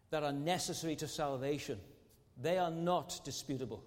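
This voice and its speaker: A man's voice: a little high, moderate pace. A man preaching a sermon as pastor, earnest and fond of rhetorical tag questions. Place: large church sanctuary. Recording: long church hall reverb.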